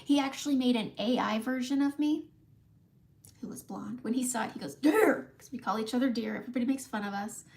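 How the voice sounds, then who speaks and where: A woman's voice: on the high side, fast talker, creaky, a little mellow. A middle-aged woman hosting a casual live makeup tutorial from home, chatting with viewers by name and laughing often. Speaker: makeup livestream host.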